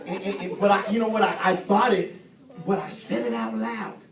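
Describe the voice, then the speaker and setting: A middle-aged evangelist preaching a sermon, telling humorous stories in an informal voice and building to shouted exhortations. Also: male voice, sits high, very animated, moderate pace, recorded from a distance, crowd noise, background noise. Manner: swings from soft storytelling to shouted exhortation; informal, humorous, repeats phrases. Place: church sanctuary. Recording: echoey church hall from off mic. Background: congregation calling out responses.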